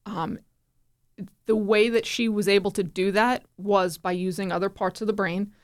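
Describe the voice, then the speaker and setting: A woman's voice: medium pitch, moderate pace. A middle-aged woman from New Jersey, a guest telling a personal story in casual conversation, acting out the voices of people she quotes. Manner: animated, acts out quoted voices.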